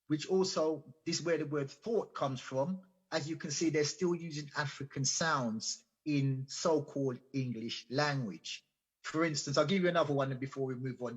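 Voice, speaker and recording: A man's voice: fairly high pitch, slightly rough. A man giving an earnest, explanatory guest talk on a radio show, often repeating and restarting words. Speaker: invited guest speaker. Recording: dull lo-fi audio.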